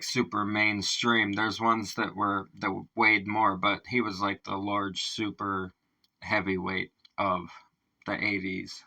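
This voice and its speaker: Slow, gravelly man reacting to a track. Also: fairly low pitch, sharp tone, poor audio. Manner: laughs often, swears, marvels aloud at lyrics. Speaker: reaction video host. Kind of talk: casual reaction commentary.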